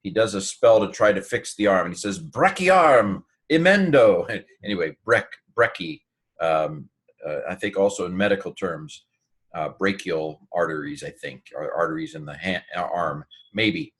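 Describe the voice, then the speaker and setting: A man's voice: low-pitched, steady tone, normal speed. A man teaching a casual Greek lesson, thinking aloud with many fillers and restarts.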